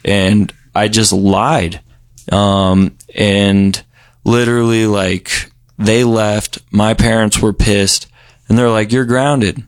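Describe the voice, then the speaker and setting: A young man from Colorado telling his recovery story in a relaxed, rambling way, full of "you know" and "um.". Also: fairly low pitch, takes it slowly, clear, resonant tone, no room sound, studio quality. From Colorado, USA. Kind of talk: casual recovery story interview.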